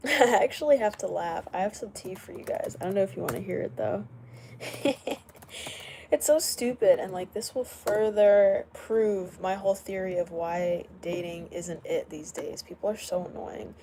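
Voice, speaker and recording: A woman's voice: medium pitch, measured pace, dark tone, a little hiss or hum. Chatty young woman on a late-night stream. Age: young adult. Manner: chatty, greets viewers by name, laughs often. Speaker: livestream host. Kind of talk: casual late-night livestream chat. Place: indoors at home, late at night.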